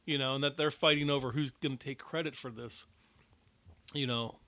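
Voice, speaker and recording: A man co-hosting a casual podcast chat, swearing a lot and getting loudly worked up. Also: medium pitch, steady tone, moderate pace, dry recording. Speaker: podcast co-host.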